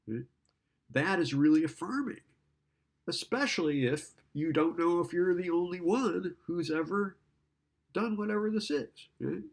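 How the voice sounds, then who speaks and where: A man's voice: high voice, unhurried. A man lecturing in a casual, conversational way, often checking in with "right?" and acting out client and therapist lines. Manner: conversational, keeps asking "right?".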